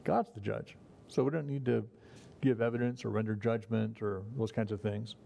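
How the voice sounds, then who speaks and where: A man's voice: lowish voice, fairly even intonation, moderate pace, vocal fry, dark tone. A man preaching a conversational sermon, folksy in manner and chuckling at his own remarks. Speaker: pastor.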